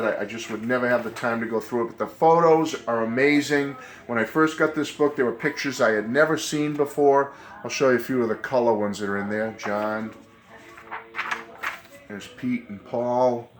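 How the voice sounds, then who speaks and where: Fifties New England man, recovering from a cold, mid-pitched, rambling collector chat, faint music behind. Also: a bit bright. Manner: rambling, enthusiastic, self-correcting. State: getting over a cold. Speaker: collector vlogger. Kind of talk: casual chat to camera.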